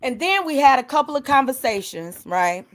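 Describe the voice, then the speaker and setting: An older woman hosting a livestream, talking in an emphatic casual rant that swings from loud to hushed, with sighs. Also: high voice, big pitch swings, moderate pace. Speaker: livestream host.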